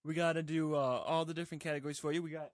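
Young male co-host, high voice, dry close mic, easygoing sidekick energy. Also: flat delivery, very fast, no room sound. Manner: laid-back, laughs along, short replies. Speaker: podcast co-host. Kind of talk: casual movie-review banter.

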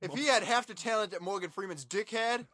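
A man's voice: high-pitched, brisk. A young man co-hosting a podcast, ranting about bad movies with crude, profane jokes. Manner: loud, profane, joking rants. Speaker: podcast co-host. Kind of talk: crude casual movie-review banter.

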